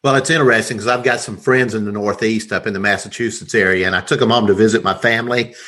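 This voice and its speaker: A man's voice: lowish voice, fairly even intonation, fast, pushed and bright. A middle-aged man from Georgia with a Southern twang, talking politely as a podcast guest and often saying sir. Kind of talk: interview conversation.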